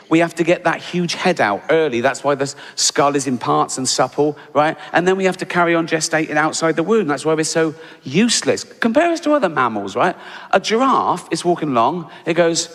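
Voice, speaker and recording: A man's voice: a little high, a bit bright. An older English man doing a stand-up comedy routine, sardonic and conversational, tagging his lines with "right?". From England. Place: large theatre stage before a live audience. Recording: reverberant hall with audience noise.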